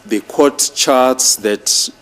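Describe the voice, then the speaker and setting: A man addressing a judge in a courtroom, reading out exhibits in a formal, deliberate way. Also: mid-range voice, fairly bright tone, clear, resonant tone. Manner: slow, deliberate, reads exhibit lists. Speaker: prosecutor.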